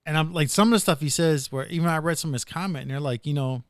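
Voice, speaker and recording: A man's voice: on the high side, quick pace, no room sound, studio quality. A man hosting a casual podcast, rambling through retold stories with plenty of "dude" and "like". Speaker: podcast host.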